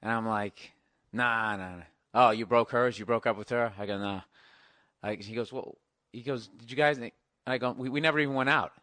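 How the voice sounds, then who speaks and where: A male podcast co-host tells stories in a relaxed, lively, foul-mouthed way, his voice mid-range and his pace normal. The recording is dry and clean, with a studio sound.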